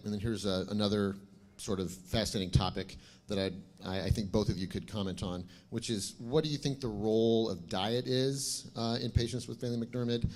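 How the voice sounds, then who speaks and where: Low-voiced man moderating a panel. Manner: conversational, posing questions to the panel. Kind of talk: conference panel Q&A.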